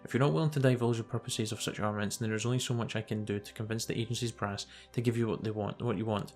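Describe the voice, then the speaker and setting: A man voicing a calm, even-toned American intelligence liaison, measured and polite. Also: lowish voice, soft background music, lightly acted.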